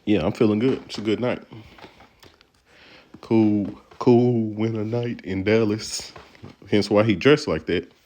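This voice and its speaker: A man's voice: lowish voice, fairly even intonation, measured pace, pauses often, a little mellow. A male stand-up comedian from Texas giving casual, playful, slangy commentary on his own set and laughing often. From Texas, USA.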